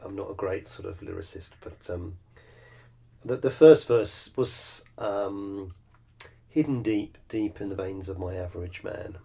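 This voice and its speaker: Middle-aged man, low husky gravelly voice, rambling reflective podcast monologue, self-deprecating. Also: warm tone. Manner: rambling, self-deprecating, many fillers and restarts. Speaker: podcast host and songwriter.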